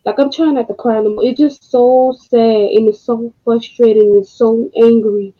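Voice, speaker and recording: A woman hosting a podcast, speaking in a casual monologue, emotional and frustrated, with slow deliberate pauses. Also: a little high, fairly even intonation. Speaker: podcast host. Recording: dull lo-fi audio.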